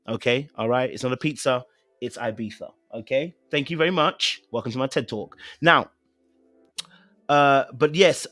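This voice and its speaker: This podcast host speaks with a British accent, chatting casually on a live stream and rambling through fillers and repeated phrases with playful insistence. His pitch is medium and his tone fairly bright, with no room sound.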